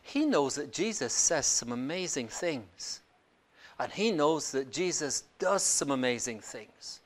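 Slow preacher telling a bible story, loud then soft, mid pitch. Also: animated. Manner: storytelling, swings from loud to hushed. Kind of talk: sermon.

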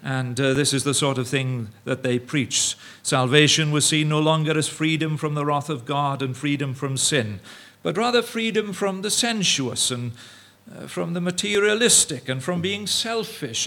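A man preaching an evening sermon, halting with many fillers and restarts, and mimicking his opponents' views in quoted asides. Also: a little high, a bit bright.

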